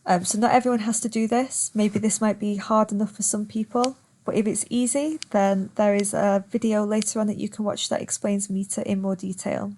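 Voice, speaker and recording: A woman gives a recorded online lesson at an ordinary, mid-height pitch. She talks patiently and steps through each point one by one, stretching words out slowly to demonstrate them. Faint keyboard typing can be heard in the background. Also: level tone, mellow, slight background noise. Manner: patient, explains step by step, stretches words to show stress. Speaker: teacher.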